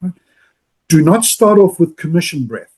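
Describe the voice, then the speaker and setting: A man with a fairly high, mellow voice that carries a husky edge. He coaches with lively energy and slips into acted-out phone calls to make his points. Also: normal speed. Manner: animated, acts out phone calls in other voices. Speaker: podcast co-host, loan officer.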